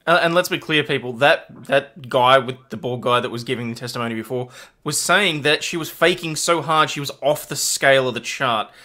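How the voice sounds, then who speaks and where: A man's voice: medium pitch, brisk, pushed and bright. A man co-hosting a live stream, chatting in a blunt, wry way. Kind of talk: casual chat.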